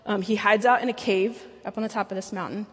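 A woman's voice: medium pitch, steady tone, fast, a bit bright, slightly rough, big-room sound. A woman speaking at a church and preaching a sermon, earnest and personal, with playful asides.

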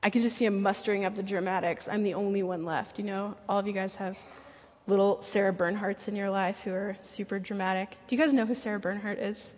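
A woman's voice: mid-range voice, level tone, fast, a little mellow, in a large hall. A woman speaking at a church and preaching a sermon, earnest and personal, with playful asides.

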